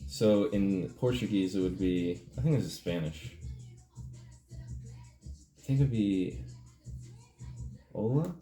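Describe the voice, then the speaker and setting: Comic host, male, dark mellow voice, playing dumb in a fake tutorial, roomy room with faint music. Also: deep voice, a little slow, pauses often. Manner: feigned confusion, deadpan rambling. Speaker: comedic video host. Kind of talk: mock language tutorial, casual chat.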